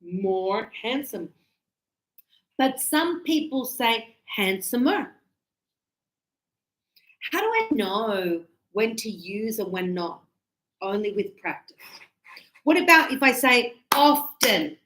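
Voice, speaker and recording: A woman English teacher giving a classroom grammar lesson, talking slowly and deliberately and stretching out key words. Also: on the high side, sing-song, a bit bright. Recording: echoey classroom.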